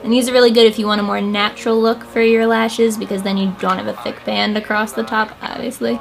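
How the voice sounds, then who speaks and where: A woman's voice: a little high, flat delivery, fast talker, gravelly, soft background music. A woman hosting a makeup tutorial, chatting casually and explaining each step with self-deprecating asides. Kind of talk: casual how-to talk.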